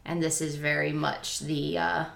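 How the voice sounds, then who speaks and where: Low-voiced woman in a roomy space. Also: flat delivery, unhurried, vocal fry, fairly bright tone, slight background noise. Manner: thoughtful, corrects and reads out passages. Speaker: podcast co-host. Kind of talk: casual book discussion.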